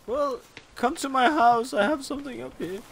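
A young man doing co-op game commentary, whiny and playfully frightened, often shouting. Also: very high-pitched, normal speed, a little hiss or hum. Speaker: gamer.

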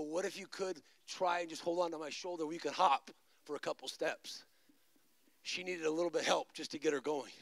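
Guy preaching hard, raspy edgy voice, goes from shouting to low quick stories, dry sound. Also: dry recording. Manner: swings between shouted exhortation and low fast storytelling. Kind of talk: charismatic sermon.

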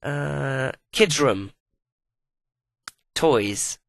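Swearing, lively-voiced man narrating gameplay. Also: medium pitch, extremely slow, creaky, no room sound, studio quality. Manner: profane, exasperated running chatter at the game. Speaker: let's play host. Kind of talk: video game commentary.

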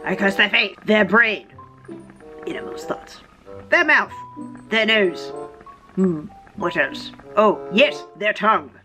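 A woman putting on a spiteful old archbishop who declaims his curses with pompous relish, pitched well above her usual talk. His voice is raised and theatrical, as if reading grandly from a page. She acts him out in a playful vlog. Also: takes it slowly, long pauses, pushed and bright, faint music behind, rough recording.

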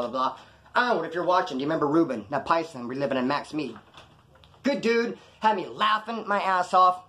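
A man's voice: a little high, a bit bright. A man from California telling jail stories in a casual, profane, rambling way, acting out other people's lines as he goes. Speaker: storyteller recounting jail time. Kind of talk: casual storytelling.

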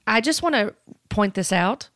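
A woman giving critical commentary in a measured, cautioning way, with occasional fillers. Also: medium pitch, animated, fairly bright tone, no room sound, clean studio sound.

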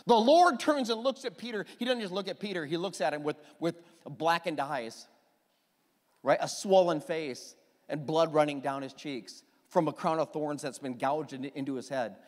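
A middle-aged man preaching a sermon as pastor, telling the story with lively restarts and repeated words. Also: fairly high pitch, normal speed, in a large hall. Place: church hall.

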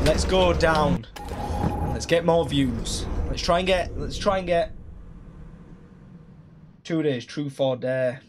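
A man's voice: fairly high pitch, a little hiss or hum. A young man streaming a game, chatting casually, repeating himself and laughing at his own jokes. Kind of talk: casual live-stream chat while gaming.

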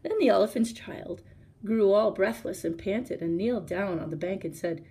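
A woman librarian reads a storybook aloud with lively expression, speaking straight to her young listeners. Her voice has a gravelly, husky grain at a middle pitch. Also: moderate pace. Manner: expressive, addresses listener directly. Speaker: librarian reading to children.

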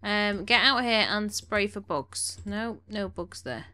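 This woman's mid-range voice has lively intonation and a bright, pushed quality, moving slowly with few pauses. Playing a game in a home room, she chats along and directs her characters, a bit snuffly from allergies.

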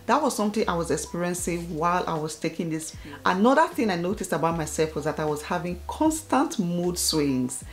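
A woman vlogger in her thirties telling a personal story straight to her viewers in an animated, chatty way. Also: fairly low pitch. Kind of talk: casual talk to camera.

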